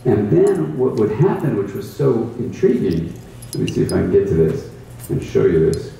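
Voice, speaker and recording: A man's voice: lowish voice, sing-song, normal speed, creaky, dark tone, slight background noise. A man, a mindfulness teacher, explaining his practice in a thoughtful storytelling way. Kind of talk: reflective conversational explanation. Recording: roomy echo, distant mic, faint ambience.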